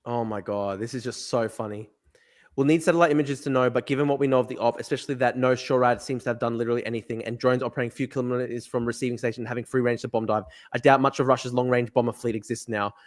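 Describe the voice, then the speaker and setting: A young man hosting a livestream, excitable and profane, reading viewer comments aloud. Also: medium pitch, fast talker. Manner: excitable, profane, laughing, reads chat aloud. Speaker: livestream host.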